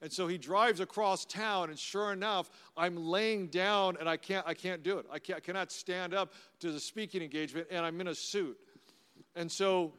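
High-voiced pastor telling stories in a reverberant hall. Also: male voice, moderate pace, smooth. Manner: conversational, anecdotal, warmly humorous. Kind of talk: storytelling sermon. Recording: long reverb of a large hall.

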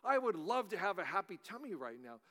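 A cunning talking bear with a put-on British accent, as a preacher acts him out in a sermon story, murmuring soft, coaxing offers. The voice is bright and clear, with long hall reverb trailing every phrase. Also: male voice, high voice, very animated, fairly quick. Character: sly smooth-talking male bear.

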